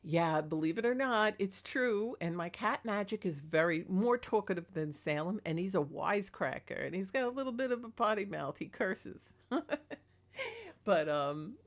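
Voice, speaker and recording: A woman's voice: mid-range voice, lively intonation, normal speed. A woman talking casually in a rambling, chatty vlog about her paranormal experiences, laughing between thoughts. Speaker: paranormal vlogger.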